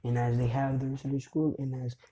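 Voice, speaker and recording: A man's voice: medium pitch, level tone, fairly quick, dark tone, slight background noise, poor audio. A man casually retelling a fan-made story in a loose, rambling way.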